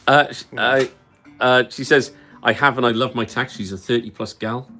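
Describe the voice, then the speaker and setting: A man's voice: medium pitch, steady tone, moderate pace, bright, forceful tone. A man hosting a casual guitar shop livestream, reading out viewer comments in an easygoing way.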